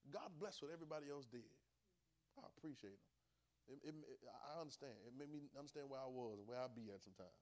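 Dialect-speaking preacher swinging from soft to loud. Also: male voice, mid-range voice, animated, fast. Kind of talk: sermon.

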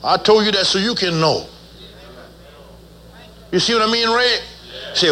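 A pastor preaching to his congregation in a high, bright voice. He teases and jokes in a folksy way, then leads the in call-and-response. Each line comes with plenty of swing. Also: expressive, moderate pace, long pauses. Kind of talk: sermon.

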